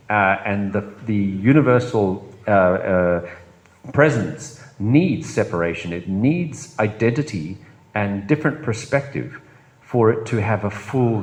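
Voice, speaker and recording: A man with a lowish voice thinks aloud in a discussion circle. He keeps stopping and restarting his sentences, padding them with fillers. Now and then he laughs at his own words. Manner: halting, many restarts and fillers, laughs at himself. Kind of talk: reflective group discussion.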